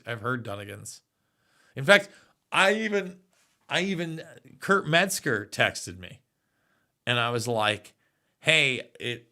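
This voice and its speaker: Host, forties, male, bright forceful tone, loose chatty delivery, reads chat aloud. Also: mid-range voice. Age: 40s. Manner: rambling, reads viewer comments aloud. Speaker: livestream host. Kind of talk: casual live chat.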